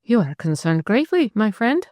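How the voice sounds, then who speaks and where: A woman narrator voicing a cool, calculating woman conspirator who talks with composure and jumps to sharp, bright rises. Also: medium pitch, sing-song, moderate pace, no room sound, muffled recording, pitched above the performer's own voice, natural voice.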